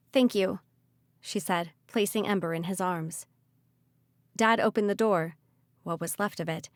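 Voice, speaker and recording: A woman reading a young-adult fantasy audiobook in an expressive, vivid way on a close mic. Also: mid-range voice, no room sound. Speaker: audiobook narrator. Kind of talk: audiobook narration.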